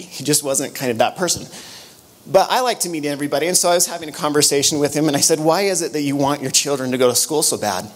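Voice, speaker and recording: A middle-aged man, giving an animated motivational conference talk full of stories and quick restarts. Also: medium pitch. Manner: storytelling, animated, with frequent restarts. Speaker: conference speaker. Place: conference room.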